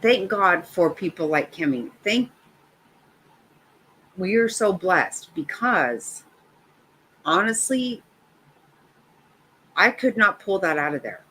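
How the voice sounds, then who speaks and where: In a casual livestream chat, a middle-aged woman with a lowish voice tells animated stories full of laughter. She speaks slowly and pauses often. The audio is poor, with slight background noise.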